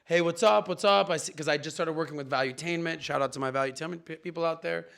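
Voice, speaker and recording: Gravelly high-voiced man telling stories. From Miami, USA. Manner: animated, talks through stories in quick asides. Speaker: podcast guest. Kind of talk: casual storytelling chat.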